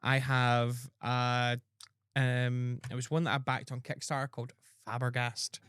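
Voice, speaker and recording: A man's voice: mid-range voice, little pitch movement, a little slow, a bit bright, smooth, no echo, clean studio sound. A man hosting a podcast, rambling with lots of ums and restarts. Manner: rambling, many fillers and restarts. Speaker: podcast host. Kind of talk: casual chat.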